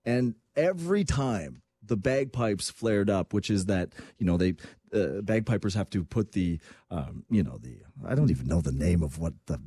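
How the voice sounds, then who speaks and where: A man hosting a radio talk show, talking in an energetic, rambling way. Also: fairly low pitch, moderate pace, slightly rough, no room sound. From Canada. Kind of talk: fast casual radio talk.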